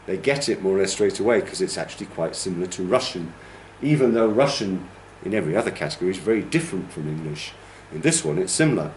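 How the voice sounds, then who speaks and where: A man's voice: low-pitched, very animated, quick pace, few pauses, a little mellow, echoey room, a little hiss or hum. A male teacher trainer giving a classroom lecture, explaining patiently and checking in with "okay?". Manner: demonstrates rhythms by humming and counting.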